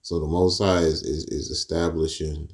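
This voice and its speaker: A man with teaching scripture in a casual street style, mixing verses with profane stories and rising loud and high when outraged. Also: little pitch movement, moderate pace. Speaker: preacher.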